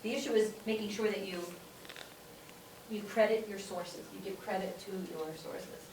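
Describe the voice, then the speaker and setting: A woman's voice: medium pitch, steady tone, normal speed. A woman teaching a class, repeating her points for emphasis and often checking in with "okay?". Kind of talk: classroom lecture. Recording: echoey room, distant mic, faint room noise.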